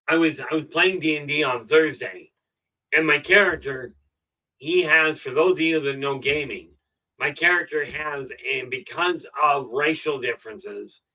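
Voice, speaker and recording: A middle-aged man giving a casual motivational talk on a live stream, rambling and filling pauses with "okay". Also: on the high side, sharp tone, far from the mic, low-quality recording. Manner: rambling, frequent "okay" fillers. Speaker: self-help live streamer.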